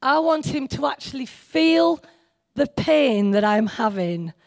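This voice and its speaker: A woman's voice: sits high, lively intonation, slow pace. A woman giving an informal, chatty sermon, joking with her listeners and teasing herself. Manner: chatty, joking, self-deprecating, speaks to the audience directly. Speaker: speaker at a church meeting.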